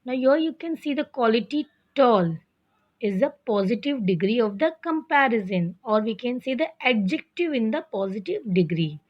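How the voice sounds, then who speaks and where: Slow, husky-voiced woman teaching grammar. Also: on the high side. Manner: slow, patient, addresses children often. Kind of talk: classroom grammar lesson. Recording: dull lo-fi recording.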